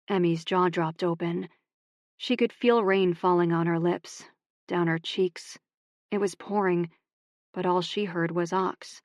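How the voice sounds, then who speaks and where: A woman narrating a romance audiobook in a calm, even voice on a close studio mic. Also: fairly low pitch, a little slow, dry recording, lo-fi sound.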